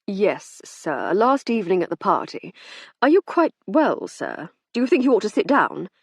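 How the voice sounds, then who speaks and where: A woman's voice: medium pitch, wildly swooping pitch, moderate pace, husky, no echo, clean studio sound, heavily acted. A woman reading an audiobook, voicing a plain-spoken male police inspector who talks politely and firmly. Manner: polite, firm, patient.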